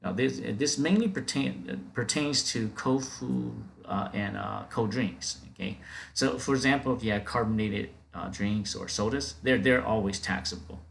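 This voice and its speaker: A man giving an off-the-cuff software training, repeating words, restarting phrases and checking in with "okay?" after each point. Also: lowish voice, normal speed, vocal fry, slight background noise. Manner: many fillers and restarts, talking off the cuff. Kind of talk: screen-recorded software training.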